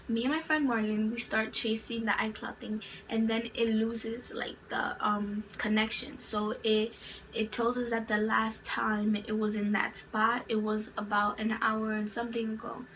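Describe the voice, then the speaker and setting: A woman's voice: on the high side, little pitch movement, normal speed, a bit bright. A young adult woman vlogger telling a storytime tale in a rambling, chatty way, full of "like" fillers. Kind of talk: storytime narration. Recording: distant mic with faint background noise.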